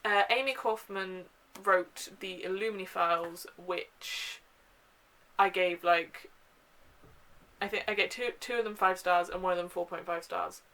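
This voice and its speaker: A woman's voice: lowish voice, unhurried, pushed and bright, rough recording. A young woman chatting casually in a home video, gushing about books with lots of ums and uhs. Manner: chatty and gushing, with frequent fillers. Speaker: book vlogger. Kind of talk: casual book haul chat.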